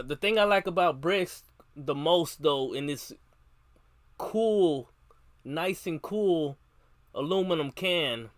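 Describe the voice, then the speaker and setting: A man's voice: fairly high pitch, a bit bright, no echo. A man streaming live, reading a children's book aloud in a slangy, casual way and repeatedly tacking on a catchphrase between lines.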